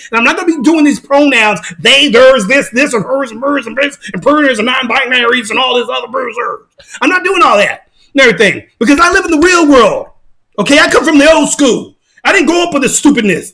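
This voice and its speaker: Male commentator, casual rant, high-pitched bright voice, emphatic, repetitive. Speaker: online commentator.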